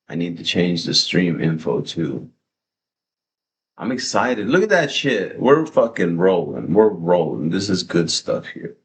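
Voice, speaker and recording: A man with a low, deep voice hosts a casual livestream from his home setup. He talks into a desk microphone in an excitable, rambling way, swearing freely. A faint hiss sits under his voice. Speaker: livestream host.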